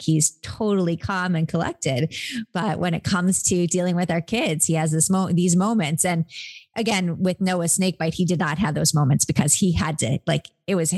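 A woman's voice: on the low side, darkish tone. A woman in her forties, an author and mother, telling a personal story candidly in an interview, with many fillers and restarts. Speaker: guest, author. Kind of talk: conversational storytelling.

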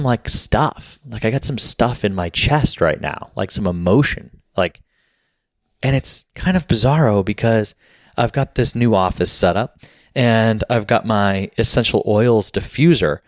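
Man, podcast host, casual rambling delivery, lots of filler words, slightly out of breath, lowish voice, dry close sound. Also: no room sound.

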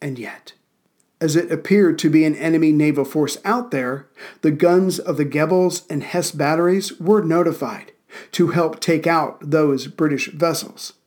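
A man's voice: on the high side, measured pace, a little mellow. A man hosting a history podcast from Central Virginia, narrating events with dry, wry asides and thanking listeners casually.

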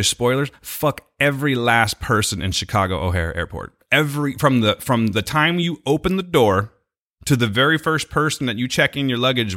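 Young male co-host, casual rambling storyteller, bright forceful tone, lively swings. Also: medium pitch. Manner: rambling, animated storytelling with profanity and laughs. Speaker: podcast co-host. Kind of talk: casual chat.

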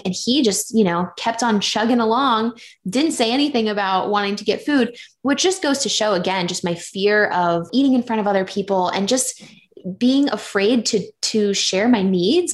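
Candid storytelling woman. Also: mid-range voice. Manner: candid, animated storytelling with many fillers. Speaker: podcast guest. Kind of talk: casual podcast chat.

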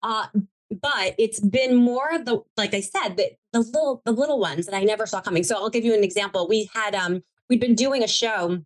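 A woman's voice: mid-range voice, normal speed. Woman producer, middle voice, rambly heartfelt storytelling, lots of restarts. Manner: rambling, self-correcting, emotional and heartfelt. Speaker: TV producer guest. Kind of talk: conversational storytelling interview.

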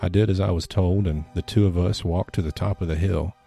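Very deep-voiced male storyteller. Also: steady tone, a little fast, vocal fry, warm tone, slightly rough, faint music behind. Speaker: podcast storyteller. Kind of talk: scripted horror story narration.

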